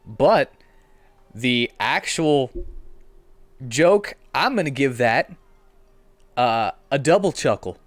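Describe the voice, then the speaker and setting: A man narrating as game master of a comedic tabletop game, playful and animated. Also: mid-range voice, slow, pauses often, no room sound.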